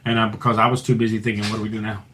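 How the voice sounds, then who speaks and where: A man telling a ghost story in a casual chat, swearing freely and dropping to a low hush for the tense moments. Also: very fast, a little hiss or hum, low-quality recording. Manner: profane, animated storyteller who drops to a low hush for the tense parts. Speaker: paranormal investigator guest.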